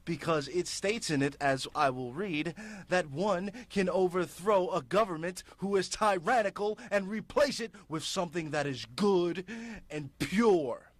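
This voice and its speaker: A man's voice: high-pitched, a little slow, no echo. A man hosting a public access show, delivering impassioned political commentary in a fiery, ranting, emphatic way.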